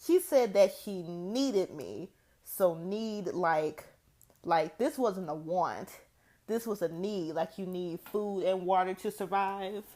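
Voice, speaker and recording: A woman's voice: fairly low pitch, takes it slowly, warm tone. A young woman hosting a podcast, telling a personal story in a chatty, laughing way full of filler words. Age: young adult. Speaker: podcast host. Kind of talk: casual solo podcast monologue.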